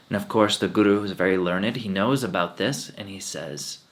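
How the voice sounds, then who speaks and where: A man who is a monk and spiritual teacher, telling a story at a satsang in an animated, emotional way. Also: sits low, normal speed, few pauses.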